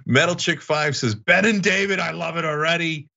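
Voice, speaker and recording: Bright, animated male host. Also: on the high side, moderate pace, creaky, dull audio. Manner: laughing, animated banter. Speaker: show host. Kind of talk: casual chat, reading viewer comments.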